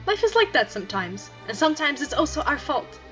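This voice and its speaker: A woman voicing a gentle, sorrowful male wizard gatekeeper with a soft, resigned, consoling way of talking, read aloud from a game. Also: sits high, very animated, fairly quick, dull audio, soft background music, full character voice. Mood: gentle, sad.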